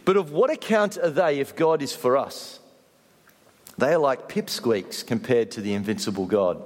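A man preaching a sermon, animated in his stories and dropping soft to stress a point. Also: mid-range voice, in a large hall. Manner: animated storytelling, drops soft for emphasis. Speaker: pastor.

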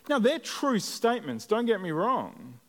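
A man preaching a sermon as a pastor, earnest and measured, with deliberate pauses. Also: high-pitched, sing-song. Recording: long hall reverb.

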